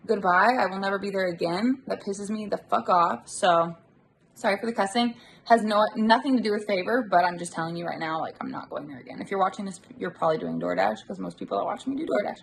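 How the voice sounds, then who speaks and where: A woman's voice: mid-range voice, fast talker, vocal fry, a little hiss or hum. A woman vlogging from inside her car on a handheld phone, chatting casually and venting her irritation, swearing freely. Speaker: delivery-driver vlogger. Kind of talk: casual chat to camera. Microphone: handheld phone camera.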